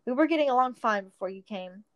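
A woman's voice: a little high, expressive, fast, dry recording, dull audio, natural voice. A woman doing a stubborn young hobbit boy. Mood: grumbling. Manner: grumbling and snappish.

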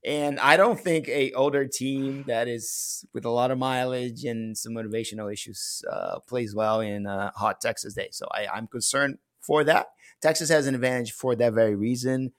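A man talking soccer on a casual fan podcast, firm in his opinions and quick to laugh. His voice sits at an ordinary middle pitch. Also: fairly even intonation. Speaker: podcast co-host. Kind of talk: casual sports podcast chat.

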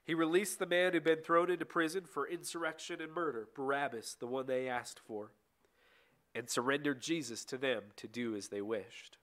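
A man reading a bible passage aloud in a steady way, with occasional slips and restarts. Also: mid-range voice, normal speed. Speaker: scripture reader.

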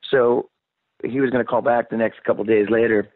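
A man's voice: mid-range voice, steady tone, a little fast, no echo. A rock singer in his sixties telling a story in a casual interview, rambling and cursing and acting out the voices of people he quotes. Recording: dry, phone-like narrow sound.

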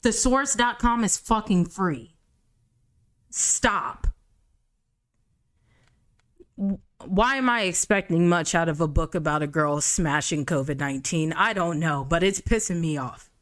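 A young woman with a lowish voice hosts a comedic book review podcast. She reads passages slowly and breaks off into profane, sarcastic rants. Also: fairly bright tone. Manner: profane, exasperated, sarcastic commentary. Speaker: podcast host.

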